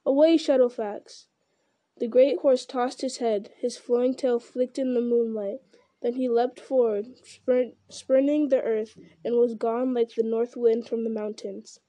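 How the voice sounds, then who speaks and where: A woman reads a fantasy novel aloud in a steady storytelling manner. Her voice is very mellow and warm, a little higher than most. The sound is close and dry. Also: measured pace, no echo. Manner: steady storytelling with small slips and restarts.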